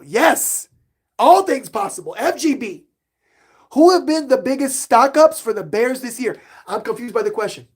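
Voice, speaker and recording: A middle-aged man hosting a live sports podcast stream, reading chat questions aloud and getting hyped up. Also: sits high. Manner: animated, hypes himself up, reads chat questions aloud.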